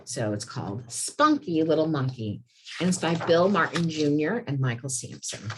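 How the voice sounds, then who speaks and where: Husky low-voiced woman, lively teacher. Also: normal speed. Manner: animated storybook reading, sing-song. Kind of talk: volunteer workshop, reading picture books aloud.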